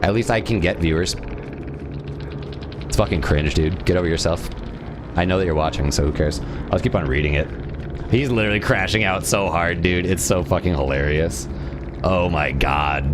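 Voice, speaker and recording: Brief: a profane, sneering male livestreamer with a low voice. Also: background noise. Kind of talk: live game stream rant.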